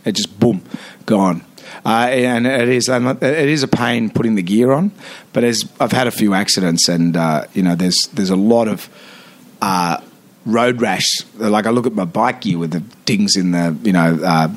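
A man in his fifties with an Australian accent, a radio host chatting as a guest in a podcast studio, telling animated stories with many restarts. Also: fairly low pitch, moderate pace. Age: 50s. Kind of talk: casual interview chat.

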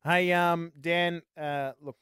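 A man's voice: on the high side, slow pace, clean tone, no echo, studio quality. Rambling Australian man, casual gaming host. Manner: swears freely, rambling, animated. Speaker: podcast host.

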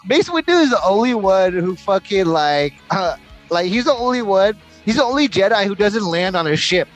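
A man co-hosting a casual podcast chat, ranting loudly and cursing often, breaking into mocking voices. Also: high-pitched, big pitch swings, normal speed, faint music behind. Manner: loud, ranting, profane, full of mocking put-on quotes. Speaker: podcast co-host.

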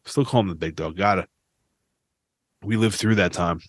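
A man's voice: deep voice, moderate pace, no echo, studio quality. A man hosting his own podcast, ranting casually with lots of swearing. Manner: profane, ranting, restless. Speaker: podcast host.

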